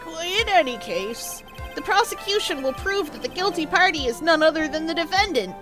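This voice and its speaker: A woman's voice: very high-pitched, expressive, moderate pace, music in the background. A woman playing a smug male prosecutor. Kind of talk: video game voice-acting.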